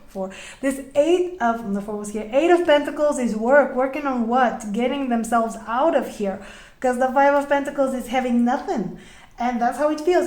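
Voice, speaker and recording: Young woman, high voice, chatty tarot reader in an echoey room, laughs a lot. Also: a little mellow. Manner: chatty, laughs often, trails off and restarts. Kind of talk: casual tarot reading.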